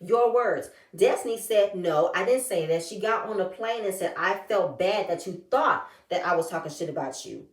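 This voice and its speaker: A woman giving a sassy, animated recap of a reality show and acting out what the cast said. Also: fairly low pitch, moderate pace, hardly any pauses, far from the mic. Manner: animated, sassy, acts out the cast's quotes. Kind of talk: casual recap chat. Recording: echoey room, a bit off-mic.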